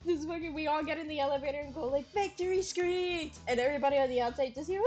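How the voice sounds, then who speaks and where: A woman's voice: sits high, fairly even intonation, racing, a little mellow, highs cut off. A woman streamer giving casual gameplay commentary, giggling often, swearing freely and riffing on her own jokes.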